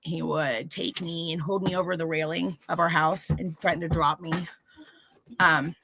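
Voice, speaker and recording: A woman in her thirties, a podcast guest telling a candid personal story, animated and acting out the voices of people she quotes. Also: deep voice, moderate pace, creaky, noisy background.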